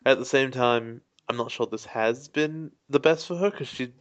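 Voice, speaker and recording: A man's voice: medium pitch, moderate pace, muffled recording, a little hiss or hum. A man co-hosting a podcast in casual chat, dry and teasing with a sardonic edge. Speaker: podcast co-host.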